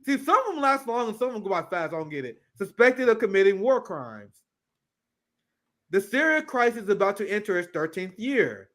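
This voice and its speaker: A man hosting casual political commentary, animated and profane, laughing often and reading news aloud. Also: high-pitched, brisk.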